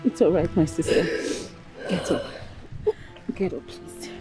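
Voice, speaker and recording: Brief: soft-spoken Nigerian young woman, slow, warm and soothing, faint music under her. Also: deep voice. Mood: tender. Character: gentle caring young woman comforting a friend.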